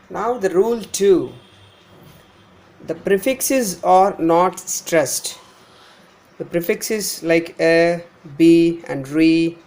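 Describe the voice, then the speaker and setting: A teacher with an Indian English accent giving a pronunciation lesson, who repeats each example word several times and spells out letters. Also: mid-range voice. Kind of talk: phonetics lesson.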